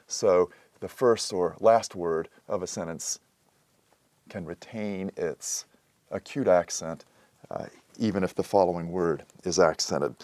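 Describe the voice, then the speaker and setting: A man explaining a language lesson in a measured way, pausing often with "uh" as he works through examples. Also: deep voice, darkish tone, no echo. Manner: measured, explanatory, with frequent "uh" pauses. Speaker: teacher. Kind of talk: recorded lecture.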